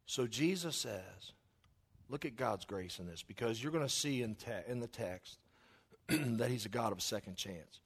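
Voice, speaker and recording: An earnest middle-aged pastor with a drawl delivers his sermon, his voice sitting at an ordinary male pitch. He speaks apologetically at times, then swells louder when he drives a point home. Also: animated, normal speed, slightly rough.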